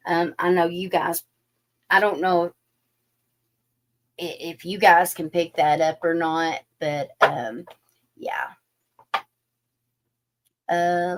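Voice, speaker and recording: A woman giving a chatty live-stream tarot reading, talking straight to her viewers. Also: on the low side. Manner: chatty, animated, addresses viewers directly with fillers. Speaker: tarot reader.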